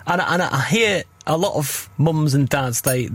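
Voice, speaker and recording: A man in his thirties co-hosts a relaxed podcast with a husky, slightly high voice that swings up and down a lot. He jokes and chats, tripping over his words and starting sentences again. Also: moderate pace, dry recording. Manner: chatty, stammering restarts, jokey. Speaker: podcast co-host and radio presenter. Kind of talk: casual podcast chat.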